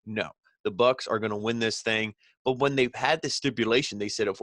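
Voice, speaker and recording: A man talks through a wrestling recap in a slightly low voice, loose and rambling, full of fillers. He is blunt and opinionated. The sound is dry and close, with no room around it. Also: brisk, fairly bright tone, no echo. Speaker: wrestling show reviewer. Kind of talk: casual recap commentary.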